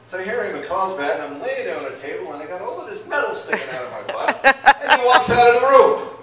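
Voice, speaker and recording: A man's voice: high voice, big pitch swings, fast talker. Older man doing rambling stand-up. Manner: rambling, laughs at own jokes. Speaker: stand-up comedian. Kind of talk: open mic stand-up. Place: comedy club. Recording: echoey club, far from mic, crowd. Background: audience laughter.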